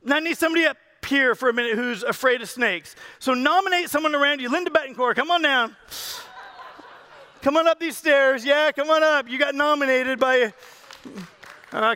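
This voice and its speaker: This male pastor's voice is extremely high-pitched, pushed and bright. Delivering his sermon, he chats and jokes with the congregation, calling people up and coaxing them on stage.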